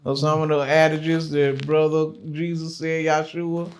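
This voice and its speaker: A man's voice: on the high side, completely flat delivery, a little slow, a little hiss or hum. A man, a laid-back, joking interview guest who slips into rhythmic poetry. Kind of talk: casual interview chat and spoken poem.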